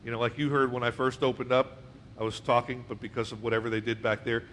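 A man's voice: medium pitch, level tone, fast, a bit bright. A man preaching to a congregation, reading scripture aloud and explaining it conversationally, often asking his listeners questions. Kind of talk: verse-by-verse Bible teaching.

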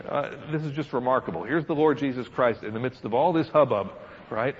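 A man preaching a Bible study in a middle, ordinary pitch, reading verses and then breaking into animated comments with frequent chuckles. The recording sounds dull and lo-fi, with faint noise behind him. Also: a little fast. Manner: lively, laughing asides, reads scripture then comments.

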